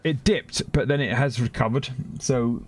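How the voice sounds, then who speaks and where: A man's voice: mid-range voice, moderate pace, crowd noise. A young British man streaming a game, chatting casually and rambling through his points with frequent laughs. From Britain. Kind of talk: casual chat while gaming.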